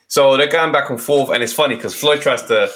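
A young man tells a story in casual chat, animated and quick to laugh as he acts out each voice in turn. His pitch sits in the middle, and he shifts his voice to quote the people he talks about.

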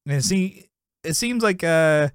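A man's voice: on the high side, lively intonation, takes it slowly, clean tone, no room sound, studio quality. A man co-hosting a podcast, recapping a sitcom episode in casual chat, rambling, laughing often and acting out quotes.

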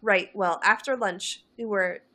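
A woman's voice: mid-range voice, steady tone, measured pace, pushed and bright. A woman reading the lines of a frank, exasperated teenage witch recounting embarrassing events in a fan story.

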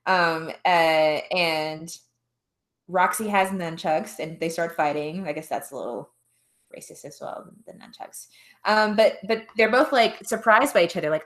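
A woman's voice: fairly low pitch, measured pace, a bit bright. A young woman co-hosting a podcast, recapping a film plot in rambling casual chat, full of "um" and "like" fillers. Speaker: podcast co-host.

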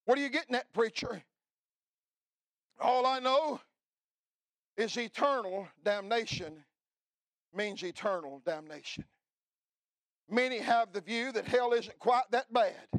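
A middle-aged man delivers a fiery revival sermon in a strikingly high voice. He swings between hushed, pleading stretches and shouted warnings, with plenty of "uh" fillers. The sound is close and dry, with no room echo. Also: a little slow, pauses often. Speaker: pastor.

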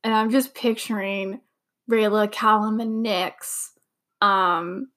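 A woman's voice: mid-range voice, fairly even intonation, takes it slowly, fairly bright tone, rough recording. A young woman hosting a casual watch-along podcast, chatty and gushing, full of "like" fillers. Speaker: podcast host. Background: show audio playing underneath.

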